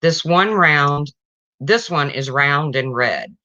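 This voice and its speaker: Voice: medium pitch, sing-song, measured pace, sharp tone, dry recording. A livestreamer reading out a schoolteacher's lines in a joke, in a prim, patient classroom voice. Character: schoolteacher quizzing her class. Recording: dull slightly lo-fi stream audio.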